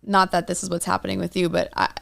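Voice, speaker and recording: A woman's voice: fairly low pitch, monotone, fast talker, vocal fry. A young woman co-hosting a podcast, chatting supportively with rambling restarts. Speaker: podcast co-host. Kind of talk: casual chat.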